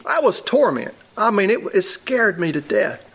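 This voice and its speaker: A man's voice: sits high, very animated, normal speed, a bit bright, slightly rough. A man, a church elder, preaching a sermon in a conversational storytelling way and chuckling at his own stories.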